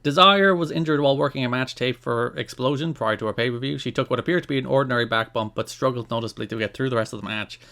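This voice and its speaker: An Irish man co-hosts a podcast, his voice sitting at an ordinary middle pitch. He reads through news notes in a casual way and drops dry asides between them. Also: fast talker, few pauses, pushed and bright. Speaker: podcast co-host.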